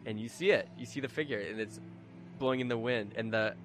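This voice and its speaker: Bright-voiced young man as game master. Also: mid-range voice, fairly quick, faint music behind. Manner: easygoing, laughs often. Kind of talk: narrating a tabletop game.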